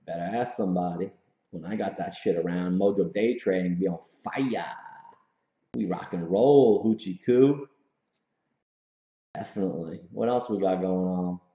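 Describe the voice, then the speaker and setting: A man's voice: low-pitched, normal speed, long pauses, mellow. A man hosting a casual livestream from his home office, hyped and slangy, often laughing. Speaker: host. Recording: roomy, slightly dull room sound.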